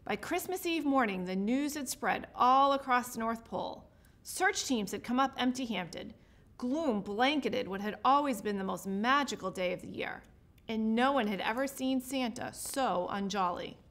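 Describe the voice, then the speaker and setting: A high-pitched woman reads a holiday picture book to children in an expressive, lively way. Her delivery is warm-paced storytelling, bright and clear. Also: normal speed. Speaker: state representative reading a picture book. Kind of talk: children's story read-aloud.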